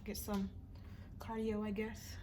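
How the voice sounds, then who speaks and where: A woman's voice: medium pitch, little pitch movement, slow pace, very noisy. A young woman chatting casually in a home vlog, playful and self-teasing, recorded on her phone, sometimes dropping to a whisper. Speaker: vlogger.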